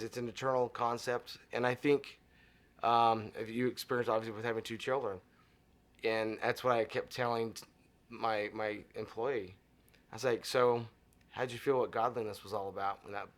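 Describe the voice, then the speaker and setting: Lively middle-aged man telling stories. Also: medium pitch, normal speed. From Arizona. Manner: animated storyteller acting out dialogue. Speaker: interview guest. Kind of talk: casual interview storytelling.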